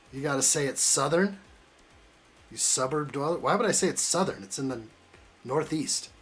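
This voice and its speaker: A man with a medium-pitched, slightly bright voice hosts a live stream while building a model kit. He chats casually, reading his viewers' comments aloud and teasing them with joking banter.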